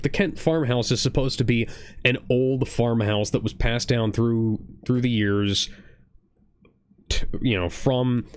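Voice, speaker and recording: A man co-hosting a streamed reaction chat, talking in long earnest runs that double back on themselves. His voice sits at a middle pitch and sounds dry and close. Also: clean tone, dry recording. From Ohio. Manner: rambling, restarts often, earnest. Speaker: podcast co-host. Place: home streaming setup.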